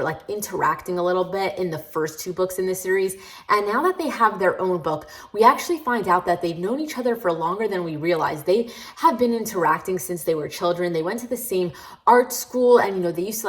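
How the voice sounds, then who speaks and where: A woman's voice: lowish voice, low-quality recording. A woman book vlogger chatting casually to camera. She is frank and critical, and peppers her talk with "like". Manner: chatty and candid, with many "like" fillers. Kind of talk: casual reading-vlog chat.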